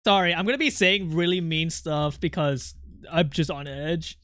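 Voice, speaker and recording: A man's voice: a little high, moderate pace, fairly bright tone, no echo, studio quality. A young man streaming his art, chatting casually with his chat in an irritable, snappy way, swearing and venting.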